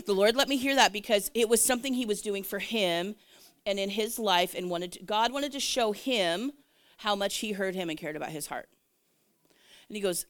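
A woman, a Christian minister, telling a personal testimony in a casual, animated way, laughing often and acting out what people said. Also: medium pitch, moderate pace, no room sound. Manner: animated, laughing, acts out quoted voices.

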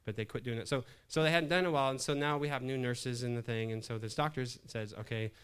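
A middle-aged man preaching to a congregation, turning a personal story into a lesson. He laughs often and keeps things loose and animated. His voice sits in an ordinary middle pitch. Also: quick pace, smooth. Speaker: pastor. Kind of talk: humorous sermon storytelling.

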